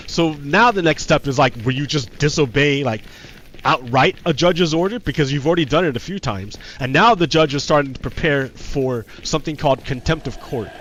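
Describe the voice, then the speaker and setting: A man's voice: on the high side, fairly bright tone, lo-fi sound, a little hiss or hum. Heated, profane man streaming. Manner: heated, profane, repeats himself. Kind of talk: casual livestream commentary.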